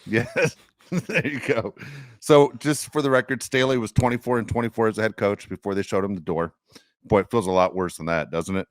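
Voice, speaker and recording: A man's voice: lowish voice, a little fast, no echo, clean studio sound. A man hosting a sports podcast, emphatic and sarcastic. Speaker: podcast host. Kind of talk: casual podcast chat.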